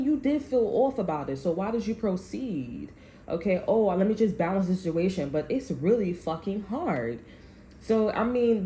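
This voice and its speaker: A woman's voice: mid-range voice, warm tone. A woman telling a long personal story in a casual, rambling way, full of slang and swearing, often laughing. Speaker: tarot reader. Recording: echoey room with faint background noise.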